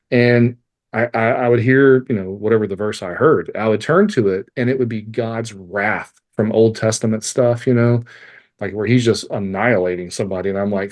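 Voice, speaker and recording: On a podcast, a guest in his forties who works as a life coach recounts something from his own life, his voice on the low side and his speed normal. The telling is frank and energetic, full of swearing and self-deprecating jokes.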